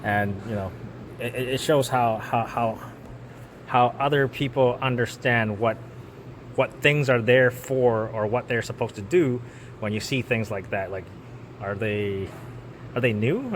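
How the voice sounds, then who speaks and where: Man mechanic, casual repair walkthrough, mid-pitched, stumbling restarts, faint background noise. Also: normal speed, fairly bright tone. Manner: rambling, repeats words and restarts often. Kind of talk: casual how-to narration while working. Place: auto repair shop.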